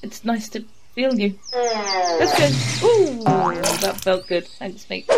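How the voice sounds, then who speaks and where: A woman's voice: mid-range voice, animated, slow, over loud music. A woman in an improvised comedy play, teasing and flirting playfully. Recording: clear background noise.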